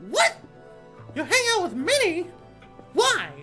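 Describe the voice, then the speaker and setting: An excited stranger, played by a man gushes with questions in a mock accent that drifts Russian. The voice is pitched up and eager. Music plays clearly behind. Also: slow pace, heavily acted. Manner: excited, gushing, full of questions.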